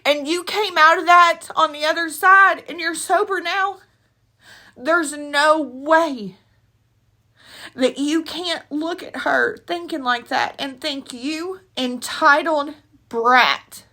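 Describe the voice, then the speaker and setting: A woman's voice: sits high, slow pace, pushed and bright. A woman vlogging an emotional opinion rant, blunt and rambling with slangy asides, tearful and sniffly from crying. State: tearful, with a runny nose. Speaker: commentary vlogger.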